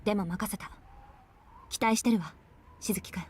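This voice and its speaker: An actress voicing a sharp-tongued, bossy young woman in a visual novel, talking in a brisk, scolding way. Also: medium pitch, steady tone, slightly rough. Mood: exasperated.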